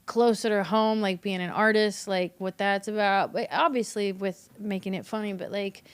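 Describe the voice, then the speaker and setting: A woman's voice: mid-range voice, fairly even intonation, normal speed, clear, resonant tone. A woman from Kentucky with a Southern accent, a comedian chatting candidly on a podcast, laughing through her stories and swearing casually. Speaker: comedian guest.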